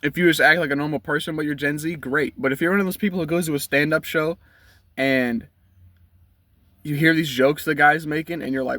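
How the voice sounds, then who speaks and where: A man's voice: a little high, a little fast, a bit bright, dry recording. A man, ranting bluntly and profanely from inside his car. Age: 20s. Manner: blunt, profane, heated rant. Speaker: vlogger. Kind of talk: ranting commentary.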